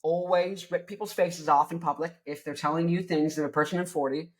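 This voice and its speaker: A young man hosting a rock show, joking and rambling loudly, with crude asides. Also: fairly high pitch, steady tone, fairly quick. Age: young adult. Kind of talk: rambling comedic music talk.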